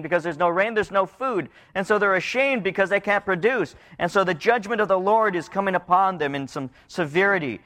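High-voiced preacher with swinging delivery. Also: male voice. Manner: preaching with swings from high pleading to low hushed tones. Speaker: pastor. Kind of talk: sermon. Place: church.

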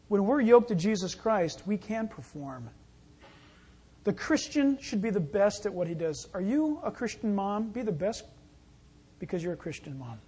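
A man's voice: high-pitched, breathy edge. A male pastor preaching a sermon in a folksy, conversational way, with acted asides.

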